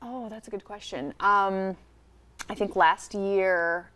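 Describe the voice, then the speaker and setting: A woman in her thirties from the Upper Peninsula of Michigan, co-hosting a TV show in casual studio chat, chatty and quick to laugh. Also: mid-range voice, fairly even intonation, a bit bright, clear, resonant tone. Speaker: TV show co-host.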